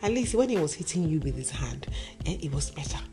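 A woman putting on a dismissive mother, soft and low. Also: big pitch swings, fairly quick, music in the background. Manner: soothing, brushing off. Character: dismissive middle-aged mother excusing abuse.

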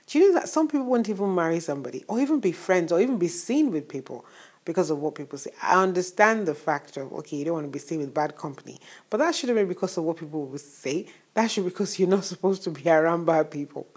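A woman's voice: lowish voice, animated, fast talker, darkish tone. A woman preaching a morning sermon in a conversational way, full of rhetorical questions. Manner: conversational, asks rhetorical questions, laughs at times.

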